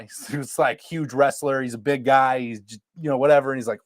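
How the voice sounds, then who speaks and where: A man from Iowa co-hosting a casual drinking podcast, telling a lively story and acting out the people in it. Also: mid-range voice, normal speed, no echo. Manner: animated storyteller acting out quotes. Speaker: podcast co-host.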